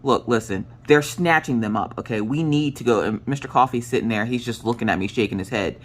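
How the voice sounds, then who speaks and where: A woman's voice: rumbling low, a little fast, breathy edge. A woman, a craft vlogger chatting casually and telling a dramatic story as she works.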